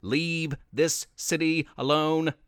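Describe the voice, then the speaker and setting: A man voicing a gruff, heroic male town dentist in a storybook reading, speaking low and grumbling. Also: fairly even intonation, slow, a bit bright, no echo, clean studio sound. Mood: defiant.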